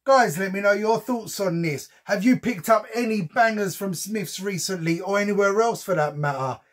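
A man's voice: sits high, normal speed, fairly bright tone. A man chatting casually as he unboxes a collectible for his channel, with frequent ums and slang. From United Kingdom. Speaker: unboxing vlogger.

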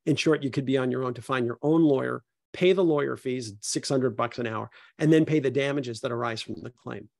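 Speaking quickly with few pauses, this middle-aged HR consultant has a gravelly, darkish voice of medium pitch. On a panel, he performs both roles in a tense workplace dialogue, recorded dry and clean in a studio.

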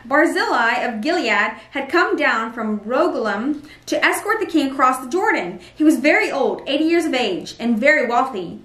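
A woman reading scripture aloud in a steady, plain manner. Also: sits high, normal speed, hardly any pauses. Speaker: Bible reader. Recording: roomy echo, mic at a distance.

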